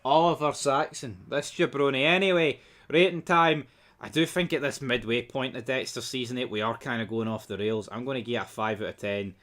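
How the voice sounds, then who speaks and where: A man rattles through a casual TV recap in a bright, forceful voice. He is blunt and sarcastic and swears freely. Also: medium pitch, a little fast. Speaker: TV episode reviewer.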